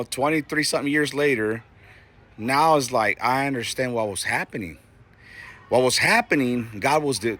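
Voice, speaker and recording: A man in his forties tells his own faith story in a plain, mid-pitched voice. He talks in an earnest, halting way, stopping and restarting often and filling gaps with casual fillers. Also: a bit bright. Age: 40s. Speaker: Christian testimony speaker. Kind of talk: personal faith testimony.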